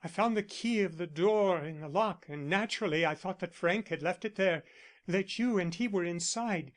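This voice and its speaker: A man's voice: high voice, normal speed, natural voice. A man reading the part of a composed young woman who speaks firmly, in an audiobook. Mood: recounting. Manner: firm, matter-of-fact.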